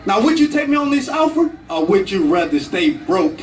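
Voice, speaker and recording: A man's voice: high voice, sing-song, normal speed, faint music behind. A man voicing a bossy female news reporter who talks in a pushy, commanding way. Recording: echoey room, from far off.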